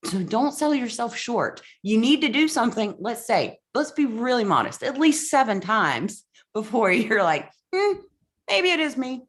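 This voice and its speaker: A woman's voice: a little high, sing-song, normal speed. A woman coach hosting a motivational podcast, blunt and emphatic, swearing freely.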